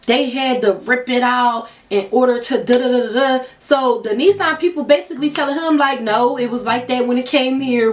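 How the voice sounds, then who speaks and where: A young woman vlogger telling a casual storytime to her viewers, animated and exasperated, often calling them y'all. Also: high-pitched, distant mic.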